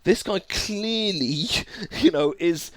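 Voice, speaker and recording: A man's voice: high voice, takes it slowly, dry recording. A man co-hosting a casual podcast chat, earnest and emphatic, with frequent restarts.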